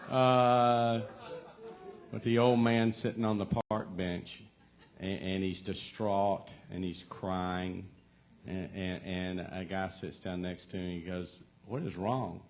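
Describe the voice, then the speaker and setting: A man's voice: sits low, completely flat delivery, slow pace. A man, a comedy club host, telling jokes in a loose, rambling way. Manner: loose storytelling with fillers and repeated "he goes". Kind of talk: joke telling. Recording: faint background noise.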